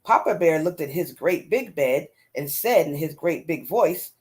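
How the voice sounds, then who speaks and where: Woman reading a storybook, animated. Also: low-pitched, unhurried. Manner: expressive and animated. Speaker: storyteller host. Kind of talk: reading a children's story aloud.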